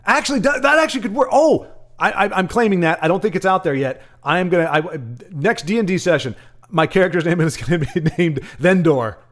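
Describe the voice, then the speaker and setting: A man with a slightly high voice hosts a live card-game stream. He rambles through a rant about his gadgets, then drifts into loose commentary on the match and chats with his viewers. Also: brisk. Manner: rambling, ranting, animated asides to chat. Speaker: stream host and caster. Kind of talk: casual livestream chat and game commentary.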